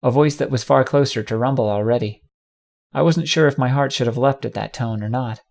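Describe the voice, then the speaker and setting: A man reading a first-person fan fiction audiobook with steady, dramatic storytelling. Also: mid-range voice, fairly quick, gravelly. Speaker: audiobook narrator.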